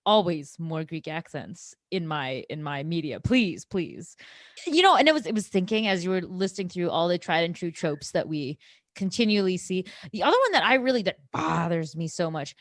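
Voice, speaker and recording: A woman podcast host chatting in an animated, gushing way, often restarting her sentences. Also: fairly low pitch, normal speed, no echo, studio quality. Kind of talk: casual podcast chat.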